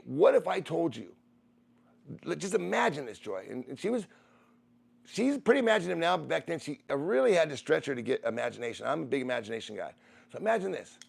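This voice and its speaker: Middle-aged guy rambling on stream, super gravelly, voice sits a bit high. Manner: meandering, restarts and repeats phrases. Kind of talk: rambling personal storytelling.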